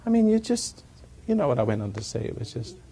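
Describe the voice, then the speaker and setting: A man's voice: medium pitch, sing-song, fast, mellow, slightly rough, soft background music. A man giving a rambling talk to a live audience, chuckling at his own jokes as he tells stories. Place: evening gathering with an audience.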